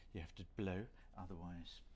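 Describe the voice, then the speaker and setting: Against a noisy background, a middle-aged British man with a deep voice chats casually while hosting a signing stream as a voice actor. He rambles, jokes at his own expense, and adds playful asides.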